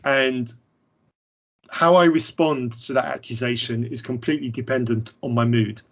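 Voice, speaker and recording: A man's voice: medium pitch, steady tone, normal speed, lo-fi sound. An English man hosting a podcast, talking casually in a candid, wry, self-deprecating way. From England. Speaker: podcast host. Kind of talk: casual conversation.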